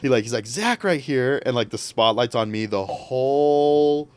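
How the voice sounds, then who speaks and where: A man's voice: medium pitch, moderate pace, smooth. A young man, a podcast guest, telling a story casually and acting out what others said. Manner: animated, acts out quotes.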